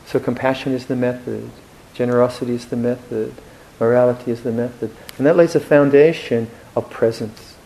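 A man giving a Buddhist dharma talk in a reflective, gently humorous way, with hesitant restarts. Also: medium pitch, fairly even intonation, fairly quick, vocal fry, hardly any pauses, rough recording. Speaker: Buddhist monk teacher.

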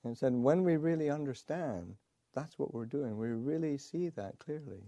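A Buddhist monk, a man, telling a teaching story in a halting way, full of fillers and restarts, with soft chuckles. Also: medium pitch, animated, no echo. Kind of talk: storytelling dharma talk.

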